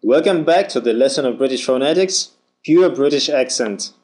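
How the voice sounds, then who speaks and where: A man teaching pronunciation, modelling words and phrases one at a time in a clear, deliberate way. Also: medium pitch, animated, a little mellow. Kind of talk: slow drilled pronunciation lesson.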